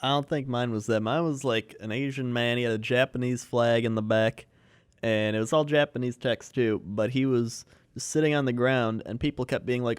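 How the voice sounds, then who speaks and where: A man's voice: mid-range voice, normal speed, clean tone, no echo. A man co-hosting a podcast, telling stories loosely with many fillers. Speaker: podcast co-host. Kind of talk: casual chat.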